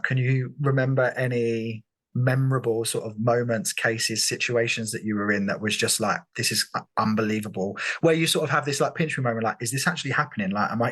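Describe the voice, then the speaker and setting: A British man with a mid-pitched voice hosts a podcast interview. He asks long, rambling questions with lots of encouragement. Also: fairly bright tone. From United Kingdom. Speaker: podcast host. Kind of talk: conversational interview.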